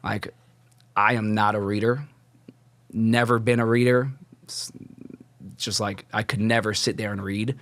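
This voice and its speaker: A man's voice: on the low side, flat delivery, measured pace, pauses often, fairly bright tone, dry recording. A young man telling his personal faith story as a podcast guest, casual and rambling, full of "like" fillers and restarts. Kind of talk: casual testimony.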